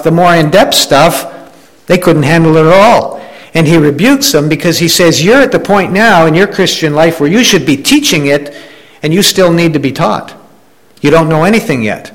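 A pastor with a slightly high voice preaches a sermon in an easygoing, conversational way, talking it through with the congregation. He often restarts his phrases, says "you know" a lot, and acts out quoted complainers in a raised voice. The audio is poor.

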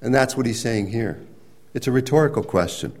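A man's voice: medium pitch, lively intonation, fairly quick. Man preaching a verse-by-verse sermon. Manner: explanatory, rises to emphatic near-shouting at points; conversational with restarts and everyday examples. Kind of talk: sermon teaching.

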